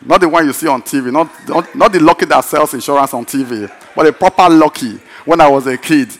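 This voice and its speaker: A male pastor telling a story in a sermon, animated and repetitive, often breaking into laughter. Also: a little high, fairly quick.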